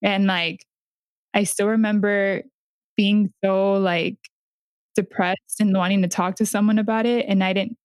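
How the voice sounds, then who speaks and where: A woman reflecting calmly on a hard family time in a casual conversation, speaking evenly and thoughtfully. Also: medium pitch, unhurried, smooth, no echo.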